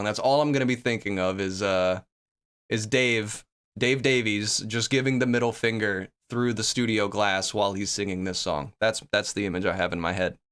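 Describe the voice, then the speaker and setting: A man's voice: lowish voice, smooth. A man hosting a reaction video, chatting casually and laughing often as he comments. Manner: laughs often, jokey and relaxed.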